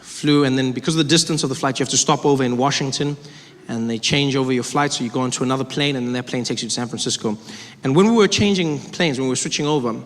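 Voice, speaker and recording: A man from South Africa performing a stand-up comedy set, telling stories and acting out the people in them. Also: slight background noise. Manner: animated storytelling, acts out voices with big pitch jumps.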